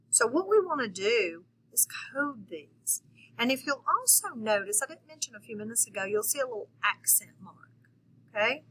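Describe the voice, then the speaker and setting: A woman's voice: fairly high pitch, sing-song, normal speed, fairly bright tone, a little hiss or hum, rough recording. A woman teacher giving a patient phonics lesson to young children, checking in often with them.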